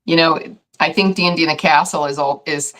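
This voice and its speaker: A woman's voice: low-pitched, steady tone, a little fast, a bit bright. A woman host interviewing a guest in casual chat, asking long, rambling questions with plenty of fillers.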